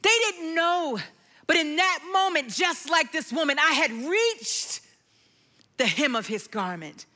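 Bright high-voiced woman giving a testimony. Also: unhurried. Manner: expressive storytelling, drops to hushed tones, sings quoted lyrics. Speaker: worship leader giving testimony. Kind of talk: sermon testimony.

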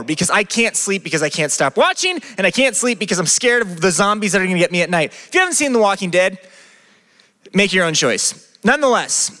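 A man preaching a lively sermon, asking his listeners question after question. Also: high voice. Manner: lively, asks the crowd many questions. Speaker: pastor. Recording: long reverb of a hall.

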